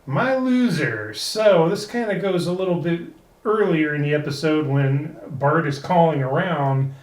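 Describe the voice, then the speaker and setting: A man's voice: lively intonation, measured pace, recorded from a distance. Man chatting in an echoey room. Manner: laughs often, acts out quoted lines in a higher voice. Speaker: podcast co-host. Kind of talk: casual episode review chat.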